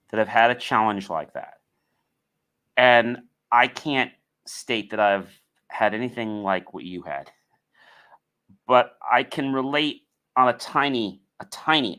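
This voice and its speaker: A man's voice: medium pitch, animated, measured pace, pauses often, a bit bright. A man hosting a podcast interview, asking questions and rambling as he searches for words. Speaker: podcast host.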